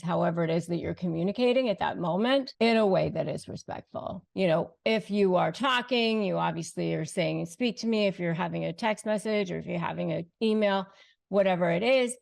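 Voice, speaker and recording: A woman hosting an advice video, speaking emphatically and slowing down to stress key phrases. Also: fairly low pitch, gravelly, darkish tone. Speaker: host giving advice. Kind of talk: direct-to-camera advice talk.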